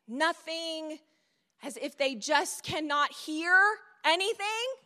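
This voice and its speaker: A woman's voice: extremely high pitch, lively intonation, normal speed, pushed and bright. A middle-aged woman preaching a sermon in a conversational storytelling way, with asides to the audience. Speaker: speaker at a church event. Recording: long hall reverb.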